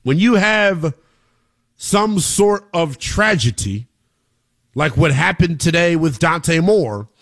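A man with a high voice and lively intonation hosts a live college football talk show. He's hyped and jokey, hollering one moment and muttering the next, speaking directly to viewers as he reads score updates and chat comments.

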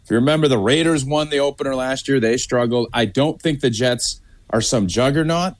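A man co-hosting a casual sports podcast, giving his game pick with halting restarts. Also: medium pitch, no room sound. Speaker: podcast co-host.

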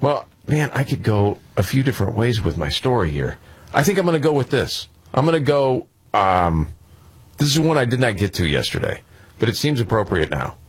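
A man co-hosting a talk radio show, joking around and firing off quick questions. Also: mid-range voice, very animated, husky. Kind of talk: casual talk radio banter.

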